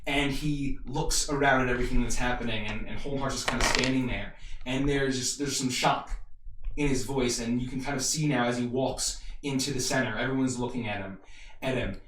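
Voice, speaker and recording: A man's voice: mid-range voice, steady tone, fairly bright tone, a little hiss or hum. Roomy-sounding male game master. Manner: halting, many fillers and restarts. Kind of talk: narrating a tabletop game. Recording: roomy, distant mic, faint music.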